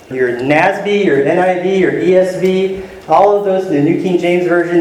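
A male pastor preaching an earnest teaching sermon, slowing down to spell out key words. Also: high-pitched, darkish tone, roomy sound, rough recording. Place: church sanctuary.

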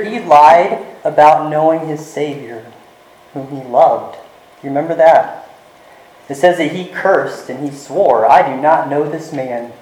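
A male pastor preaching a sermon in an earnest way, slowing down and dropping to a soft voice to stress his points. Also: high-pitched. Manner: earnest, varies volume, slows for emphasis. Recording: echoey room.

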